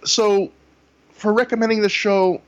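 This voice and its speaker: A man's voice: sits high, fairly even intonation, a little slow, dull audio. A man co-hosting a casual podcast, recapping events at length with frequent "you know". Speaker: podcast co-host reviewing wrestling shows. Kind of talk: casual chat.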